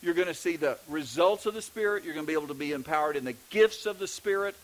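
High-voiced Texan pastor preaching. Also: male voice, fast, poor audio. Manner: conversational preaching with frequent restarts. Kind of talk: sermon.

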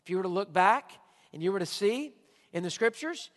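A male pastor preaching a sermon with emphatic delivery, swinging from quiet asides to loud, shouted points. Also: high-pitched, lively intonation, brisk, in a large hall.

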